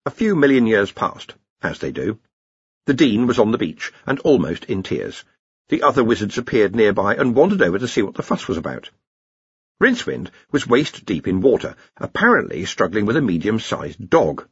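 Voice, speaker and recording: A man narrates an audiobook with a husky voice and a very lively pitch. His delivery is dry and even. The recording is close and dry, a little dull in the highs. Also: moderate pace, dry recording. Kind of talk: scripted narration. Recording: dry, slightly dull studio read.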